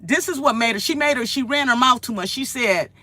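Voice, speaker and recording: A woman talks straight to her viewers in a loose, rambling way, repeating herself as she goes. Her voice is bright and forceful, and it sits close and dry in a small kitchen with no room echo at all. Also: a little high, a little fast. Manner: animated, rambling storytelling with repeated phrases. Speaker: vlogger. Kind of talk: casual chat to viewers.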